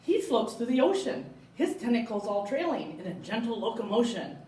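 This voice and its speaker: A woman hosting a library storytime, reading picture books aloud in a playful, animated way. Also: fairly high pitch, normal speed, few pauses, a little hiss or hum. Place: library room. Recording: echoey room, mic far off.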